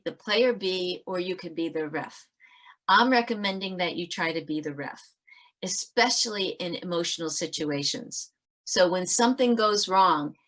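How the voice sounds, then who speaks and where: A woman author giving a brisk webinar talk on parenting over a video call. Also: medium pitch, a bit bright. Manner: brisk, talks fast to fit it all in. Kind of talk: webinar presentation.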